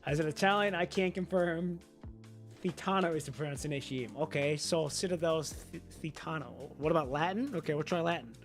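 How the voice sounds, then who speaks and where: Rambling man thinking out loud, slightly high. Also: fairly quick, soft background music. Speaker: streamer. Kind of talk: casual chat to viewers.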